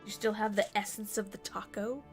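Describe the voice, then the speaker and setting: A woman's voice: medium pitch, fairly even intonation, brisk, soft background music. A woman game streamer chatting casually, chatty and self-mocking as she plays.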